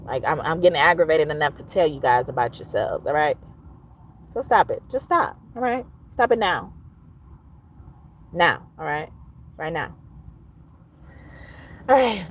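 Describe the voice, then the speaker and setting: Low-voiced woman tarot reader, casual. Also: slight background noise. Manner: lively, swings between teasing and aggravated, drawn-out rhetorical questions. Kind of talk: casual sign-off monologue to viewers.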